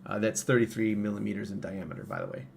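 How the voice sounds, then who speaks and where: A man with a fairly low voice hosts his own livestream from a home studio at a desk mic. He rambles casually, stopping and restarting sentences with plenty of uh and um. A faint hum of ambience sits behind him. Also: sing-song, fast talker, creaky. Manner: rambling, many fillers and restarts. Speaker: livestream host and parts maker.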